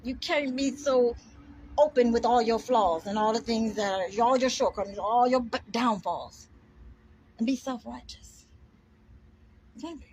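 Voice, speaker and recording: A woman's voice: fairly high pitch, a little slow, pauses often, darkish tone, a little hiss or hum. A woman delivering a defiant, profane rant to camera, combative and emphatic, repeating words for force. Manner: combative, heavy swearing, defiant.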